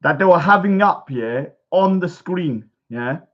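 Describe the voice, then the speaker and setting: A man rants in a casual vlog with a high, lively voice that swings all over. He mocks and swears in heated bursts. The sound is dull and lo-fi. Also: unhurried. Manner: mocking, heated, swears often. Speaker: vlogger. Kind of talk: ranting casual monologue. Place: bungalow room. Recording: dull lo-fi recording.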